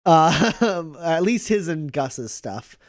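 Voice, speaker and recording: A man narrates a tabletop game as game master, easygoing and full of ums and uhs. His voice sits a little higher than most men's. The sound is dry and close. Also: slow, no room sound. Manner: relaxed, full of fillers.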